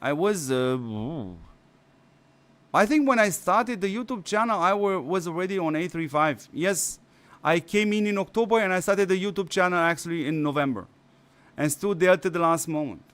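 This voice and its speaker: A man's voice: high voice, lively intonation, normal speed, fairly bright tone. A male mobile strategy game streamer who is losing his voice, rambling with many fillers and restarts. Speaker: gaming channel host. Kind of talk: casual stream commentary.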